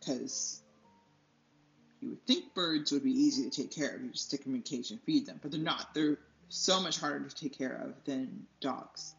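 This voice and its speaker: A woman's voice: extremely low pitch, fairly quick, creaky, few pauses, faint music behind. Rambling, chatty young woman, slightly muffled. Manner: rambling and chatty, laughs often, loses her train of thought. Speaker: art tutorial host. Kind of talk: casual chat while painting. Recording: slightly dull lo-fi sound.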